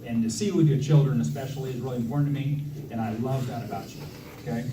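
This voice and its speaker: A fast-talking man in his thirties with a medium pitch and fairly even intonation gives a wedding toast for his brother, self-deprecating and joking, with lots of fillers and restarts. The background is noisy, and the echoey reception hall is recorded from afar amid loud crowd ambience.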